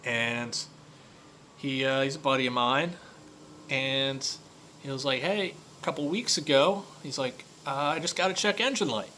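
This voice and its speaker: Male mechanic, casual storyteller, bright tone, faint background hiss. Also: mid-range voice, measured pace. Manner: conversational storytelling, many fillers. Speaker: auto repair shop owner. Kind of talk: casual monologue rant.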